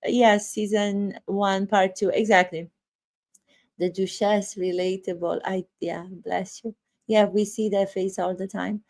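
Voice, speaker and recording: A woman's voice: mid-range voice, little pitch movement, a little slow, darkish tone. Woman acting coach ranting at a clip, emphatic, keeps asking would that sound real. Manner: emphatic, incredulous, rhetorical questions. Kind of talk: reaction commentary.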